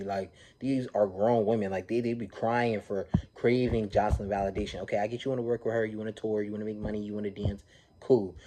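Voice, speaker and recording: A man recapping a reality TV episode in a casual, animated, slang-filled way, often checking in with "you feel me". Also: on the low side.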